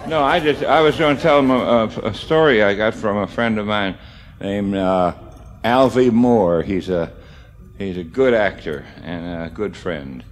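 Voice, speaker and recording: A male comedian telling stand-up stories in a halting, stammering way. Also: on the low side, a faint crowd. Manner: halting, stammering delivery with restarts. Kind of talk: stand-up storytelling.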